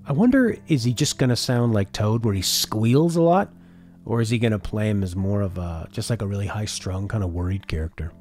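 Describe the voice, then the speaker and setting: A man's voice: lowish voice, fairly quick, a little mellow, soft background music. A man streaming a casual reaction chat, talking things over and reading viewer comments aloud before answering them. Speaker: streamer reacting to a game showcase.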